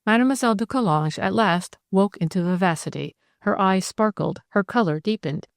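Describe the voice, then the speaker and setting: A woman narrating an audiobook in a measured, steady way. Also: mid-range voice, dry recording, clean studio sound. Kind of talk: scripted narration.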